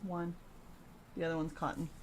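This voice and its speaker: A woman's voice: low-pitched, level tone, moderate pace, a little mellow. A woman co-hosting a casual stream, answering questions in a laid-back, amused way. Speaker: co-host.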